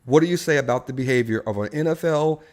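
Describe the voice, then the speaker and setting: A man's voice: mid-range voice, fast talker. A man hosting a casual live-stream discussion, telling a story and putting questions to his co-hosts and the chat. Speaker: live show host.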